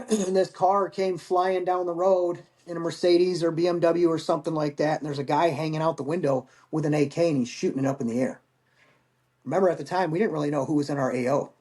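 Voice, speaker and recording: A man's voice: on the high side, steady tone, a little fast, darkish tone. A man in his forties, a veteran guest, telling stories in a candid, rambling way and swearing casually. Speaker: podcast guest, Marine veteran. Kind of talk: casual storytelling.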